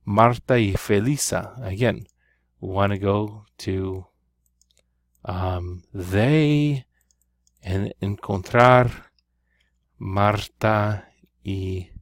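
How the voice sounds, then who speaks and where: A man's voice: fairly low pitch, very slow, long pauses, dry recording, clean studio sound. A man teaching a Spanish grammar lesson, walking through exercises step by step and often checking in with "right?". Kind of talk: recorded classroom lesson.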